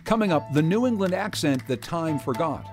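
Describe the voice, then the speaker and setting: A man hosting a public radio news show, introducing guests and segments in a measured, scripted way. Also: on the high side, expressive, a little mellow, faint music behind.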